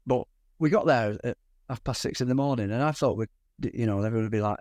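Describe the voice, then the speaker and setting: A man's voice: medium pitch, fast talker, a little mellow, no room sound, clean studio sound. A middle-aged man with a Cornish accent, a podcast guest candidly recounting events, often restarting sentences and quoting others. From England. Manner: candid, frequent restarts and quoted dialogue. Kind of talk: conversational storytelling.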